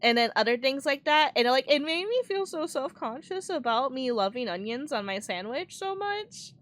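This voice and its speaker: A young woman streams and talks casually to her viewers, her voice sitting a touch higher than most. She rambles, fills gaps with "like", and laughs often. Her close desk mic catches her clearly. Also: expressive, moderate pace. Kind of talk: casual chat while livestreaming a game.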